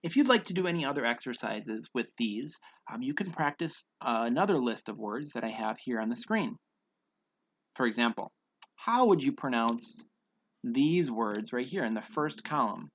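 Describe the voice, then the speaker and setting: A man's voice: medium pitch, lively intonation, moderate pace, fairly bright tone, highs cut off. A man teaching English pronunciation in an online lesson, patiently repeating each word for students to drill.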